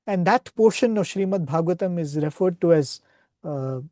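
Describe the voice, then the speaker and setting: Brief: earnest male retreat speaker, mellow tone, dry close sound, devotional storytelling. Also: high-pitched, expressive, normal speed, no room sound. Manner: earnest, retells scripture stories, often asks "right?".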